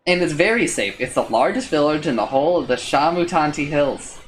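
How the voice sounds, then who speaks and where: A man's voice: a little high, expressive, a little fast, rough recording. A man streaming, reading a text adventure aloud with casual, swearing asides.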